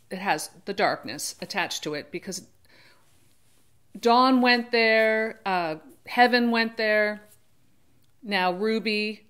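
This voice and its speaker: Her voice sits at medium pitch, slightly bright and clean. Hosting her own channel as a book reviewer, she chats her way through a book discussion, digressing, restarting and correcting herself often, and slipping into short character voices for quotes.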